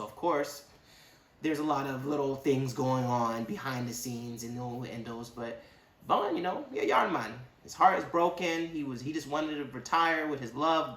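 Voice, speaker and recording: A man giving a casual, rambling movie review with animated, slangy asides. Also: medium pitch, reverberant.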